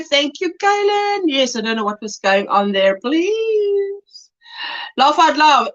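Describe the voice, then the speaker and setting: On lo-fi audio, a high, fairly bright-voiced South African woman runs a relaxed crochet livestream. She chats away, laughs a lot, and reads viewers' messages off her phone.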